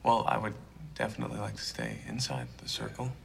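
Brief: jumpy, hesitant young boyfriend, lively swooping voice with a gravelly edge, faint background noise. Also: male voice, extremely low pitch, brisk, exaggerated voice. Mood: nervous. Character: nervous young boyfriend trying to please.

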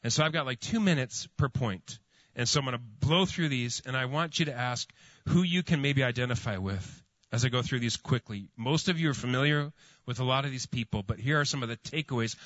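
A man's voice: mid-range voice, a bit bright, no room sound, dull audio. Rambling, storytelling male pastor. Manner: storytelling, many fillers and restarts. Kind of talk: sermon.

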